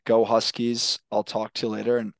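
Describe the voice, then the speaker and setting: A man's voice: on the low side, monotone, moderate pace, gravelly, no room sound. A young man hosting a casual sports podcast, talking loosely, often repeating his words as he goes. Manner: laid-back, swears casually. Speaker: podcast host.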